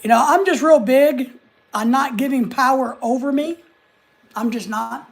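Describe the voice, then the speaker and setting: An American man hosting a livestream, chatting casually and reading out and greeting viewer comments from his home desk. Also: extremely high pitch. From United States. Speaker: livestream host. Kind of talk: casual live chat.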